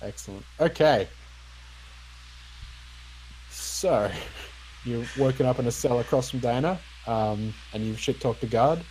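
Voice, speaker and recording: A young man narrating as dungeon master, relaxed and hesitant, with frequent ums and uhs. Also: mid-range voice, a little hiss or hum, low-quality recording. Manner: unhurried, lots of ums and uhs. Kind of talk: narrating a tabletop game.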